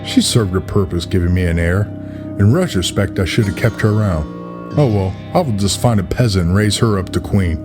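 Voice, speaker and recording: A man's voice: low voice, brisk, close to an everyday voice. A man voicing a ruthless, scheming king in a spoken story, cold and sarcastic, with music playing behind. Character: ruthless scheming middle-aged male king.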